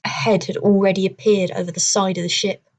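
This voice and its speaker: A woman narrating a children's adventure novel in a steady, measured reading voice. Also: mid-range voice. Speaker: audiobook reader. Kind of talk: storybook narration.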